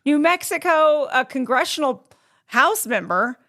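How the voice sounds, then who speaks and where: Woman, co-host, political chat, blunt, exasperated, joking, higher voice. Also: animated, a little slow, fairly bright tone. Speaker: podcast co-host.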